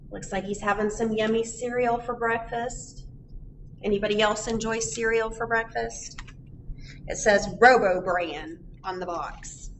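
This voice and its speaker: A woman's voice: a little high, fairly even intonation, unhurried. A woman reading a picture book aloud for a library storytime, chatting and asking children questions. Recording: distant mic, faint background noise.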